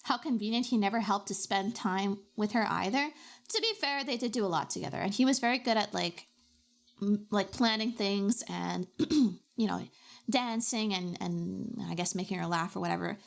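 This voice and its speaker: A woman streamer chatting casually with her chat while drawing, with dramatic, expressive reactions. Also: medium pitch, moderate pace, gravelly.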